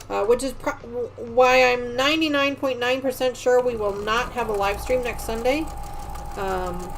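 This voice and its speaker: A middle-aged woman hosting a home quilting livestream, chatting casually and rambling, often trailing off into quiet muttering as she works. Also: fairly high pitch, poor audio. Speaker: sewing livestream host. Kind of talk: casual chat while quilting.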